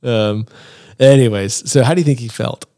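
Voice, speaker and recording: An animated man hosts a casual chat, telling a story and slipping into quick voices for each character. His pitch sits in the middle of the range. The sound is dry and close, with almost no room. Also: dry recording. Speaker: podcast host.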